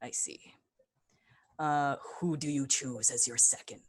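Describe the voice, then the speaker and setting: A woman runs a tabletop game in a low, unhurried voice. She narrates hesitantly and fills her pauses with ums and uhs. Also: steady tone. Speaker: game master.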